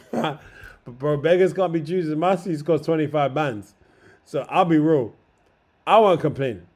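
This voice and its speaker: A man's voice: on the high side, measured pace, a little mellow. A young man chatting casually on a livestream, slangy, swearing freely and emotional. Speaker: streamer.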